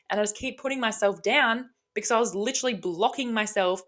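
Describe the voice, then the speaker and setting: A woman's voice: on the high side, fast, hardly any pauses, fairly bright tone. A woman hosting her own podcast alone, talking casually and energetically, swearing freely as she gives motivational tough-love advice. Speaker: podcast host. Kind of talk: casual solo podcast talk.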